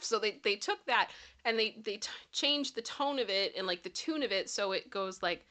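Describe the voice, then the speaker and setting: Bright giggly woman chatting casually. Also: mid-range voice, moderate pace. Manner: giggly, breaks into frequent laughter and sung snippets. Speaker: pop culture commentary host. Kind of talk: casual livestream chat reading viewer comments.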